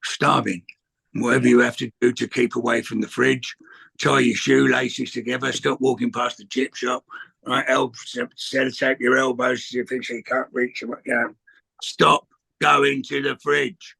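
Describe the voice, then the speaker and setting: Gravelly older man telling stories. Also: mid-range voice, flat delivery, normal speed, fairly bright tone. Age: 60s. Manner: rambling anecdotes with swearing and acted quotes. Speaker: guest answering questions. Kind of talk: casual chat, storytelling.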